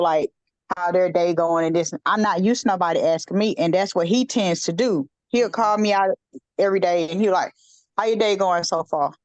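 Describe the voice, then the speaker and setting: Brief: woman, relaxed co-host chat, slightly dull recording. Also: fairly low pitch, no echo. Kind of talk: casual chat.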